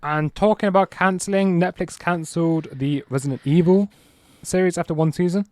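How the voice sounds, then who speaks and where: A man's voice: high voice, brisk, a little mellow, no echo. A man co-hosting a podcast in casual chat, easygoing and teasing as he brings up news items. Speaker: podcast co-host.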